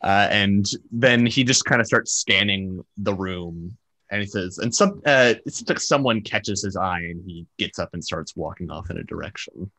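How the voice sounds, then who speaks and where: A man's voice: sits low, moderate pace, pushed and bright, no echo. A man narrating as game master of a tabletop game, loose and casual with many fillers. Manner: loose, filler-heavy description.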